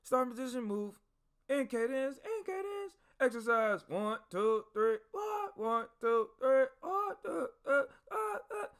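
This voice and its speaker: A man putting on an army drill sergeant who shouts clipped commands and counts out cadence. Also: very high-pitched, big pitch swings, unhurried, voice pushed up, heavily acted. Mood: barking orders. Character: loud barking male army drill sergeant.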